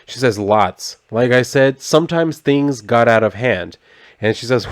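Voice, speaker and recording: A man's voice: medium pitch, lively intonation, measured pace, dry recording, clean studio sound. A young man casually recapping a comic book, talking loosely with lots of "like" and some swearing, and lightly acting out the characters' lines as he reads them. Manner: chatty, swears, lots of "like", half-acts the quoted lines. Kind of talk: casual comic recap, reading dialogue aloud.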